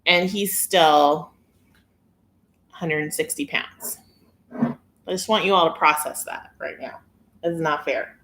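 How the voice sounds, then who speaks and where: A woman's voice: deep voice, slow, pauses often, a bit bright. A woman hosting a casual live-stream chat on a phone camera, chatty and giggly as she reads viewer comments. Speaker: weight-loss vlogger hosting a live stream.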